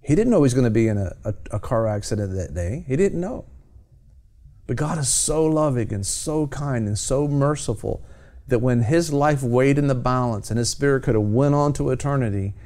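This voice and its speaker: A man's voice: mid-range voice, expressive, normal speed, mellow. A man hosting a Christian television program, talking about faith in a fervent, exhorting preacher's cadence. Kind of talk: evangelistic TV talk.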